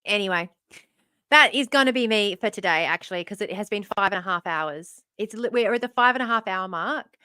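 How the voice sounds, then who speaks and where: A woman's voice: medium pitch, fairly quick, bright, forceful tone, dry recording, studio quality. A woman, live streaming in casual chat, losing her voice, chatty and self-mocking, swearing freely. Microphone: phone.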